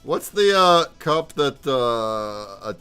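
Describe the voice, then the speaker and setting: A man's voice: medium pitch, very animated, slow pace, pushed and bright, smooth, faint music behind. A man hosting a livestream in casual chat, hyped and calling out viewers by name. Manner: hyped, calls out chatters by name. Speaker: livestream host.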